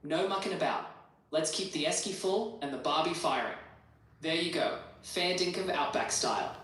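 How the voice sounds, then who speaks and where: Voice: mid-range voice, moderate pace, a bit bright. An AI voice assistant with an Australian accent, chatting in upbeat, slang-filled talk and leading a guided meditation. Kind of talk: casual chat and guided meditation. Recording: roomy playback heard from a distance.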